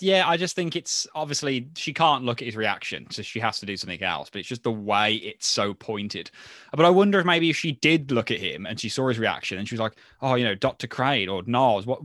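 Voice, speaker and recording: A man chatting as a podcast co-host, easygoing and full of small hesitations. His voice sits at a middling pitch, recorded close and dry with no room sound. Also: no room sound. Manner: relaxed, chatty, hesitant fillers. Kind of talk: casual chat, reading listener mail. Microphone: handheld mic held close.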